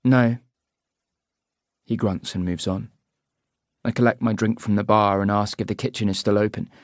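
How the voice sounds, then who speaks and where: A man reading a first-person audiobook narration in an even, measured way. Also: on the low side, dry recording, clean studio sound.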